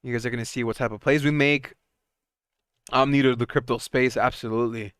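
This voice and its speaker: A young man hosting a casual live stock market stream, chatty and excitable, often laughing and restarting his sentences. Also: mid-range voice, brisk, clear, resonant tone, no echo, clean studio sound. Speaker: stock market livestream host.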